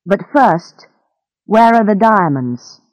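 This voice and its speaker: Woman narrator voices a cool-headed young hero in an audiobook; steady and unhurried. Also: medium pitch, no room sound, muffled recording. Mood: calm.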